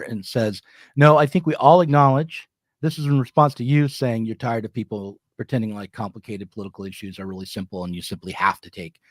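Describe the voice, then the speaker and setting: A man's voice: lowish voice, dry recording, studio quality. A man co-hosting a political discussion show, talking with hesitant restarts and fillers. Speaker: podcast co-host.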